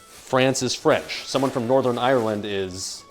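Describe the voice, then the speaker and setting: A young American man cooks on a live stream, speaking unhurriedly in a medium-pitched voice. He rambles and jokes while reading the chat aloud, with faint music playing in the background.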